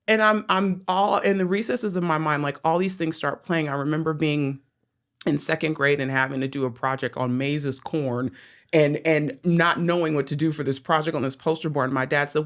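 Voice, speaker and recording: A woman genealogist, a podcast guest, telling a family story in lively conversation, quoting others and saying "like" often. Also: lowish voice, moderate pace. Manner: animated, full of "like" and quoted dialogue.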